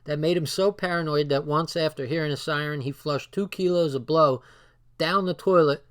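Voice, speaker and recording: A man's voice: fairly high pitch, fairly even intonation, normal speed. A man casually reading a book aloud and breaking off into loose, swearing asides. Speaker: book reader and commentator.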